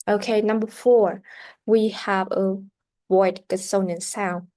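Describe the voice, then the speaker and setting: In a classroom, a woman teaches English pronunciation, explaining carefully and frequently starting her sentences over. Her mid-range voice holds a steady tone with a slightly mellow quality.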